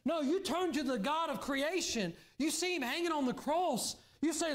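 A man preaching a sermon as pastor in a church, earnest, now and then dropping to a hushed, pleading voice. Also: extremely high pitch, normal speed, hardly any pauses. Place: church sanctuary.

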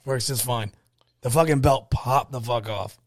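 A man co-hosting a casual podcast, swearing freely as he tells an animated story. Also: mid-range voice, a little slow, a little hiss or hum. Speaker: podcast co-host.

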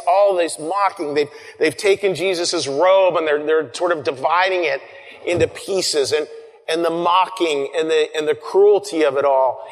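Male preacher, sermon, earnest, repeats phrases, slightly high voice, long church reverb. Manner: earnest, pauses and repeats phrases, drops to soft near-whispers.

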